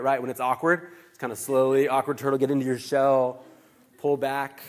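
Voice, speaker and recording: A man preaching as a pastor, telling stories in a chatty, animated way and acting out the dialogue. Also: medium pitch, moderate pace, in a large hall. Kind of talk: sermon storytelling. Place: church hall.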